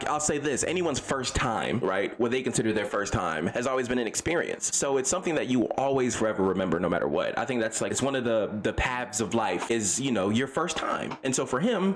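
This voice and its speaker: Man with a lively, swooping voice. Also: medium pitch, a little fast, few pauses. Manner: profane, rambling, jokey. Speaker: anime commentary YouTuber. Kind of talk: casual recap commentary.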